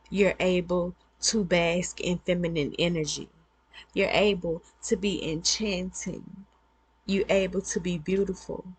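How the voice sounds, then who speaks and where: A woman's voice: fairly low pitch, husky, no echo. A woman vlogger giving earnest, repetitive, conversational advice to her viewers. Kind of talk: casual advice monologue.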